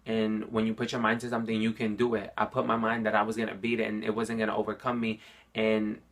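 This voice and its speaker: A man's voice: on the low side, monotone, fast talker. A young man telling his personal story to a phone camera, earnest and heartfelt, often repeating himself. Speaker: vlogger sharing his cancer story.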